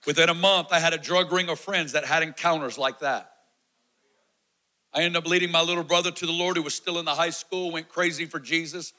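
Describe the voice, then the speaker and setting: A man in his forties delivering a sermon testimony with a bright, forceful voice that sits a little high. He tells his story with animated energy, acting out the shouts and quoted lines. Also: fairly quick, rough recording. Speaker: preacher.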